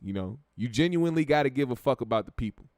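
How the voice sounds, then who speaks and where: Chill american dude on a stream reading chat, swears a lot, mid voice, dry close mic. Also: male voice, mid-range voice, animated, fast talker, darkish tone, dry recording. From United States. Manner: laid-back, profane, repeats words while thinking. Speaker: show host reading viewer comments. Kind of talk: casual livestream chat.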